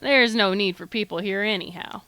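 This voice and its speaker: A woman's voice: medium pitch, noisy background, close to an everyday voice. Woman putting on a drawling cowboy lawman. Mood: wistful. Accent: put-on Texan cowboy drawl. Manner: folksy drawl, slow and easygoing. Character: drawling middle-aged cowboy lawman, laid-back and wistful. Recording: game music playing behind. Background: video game music.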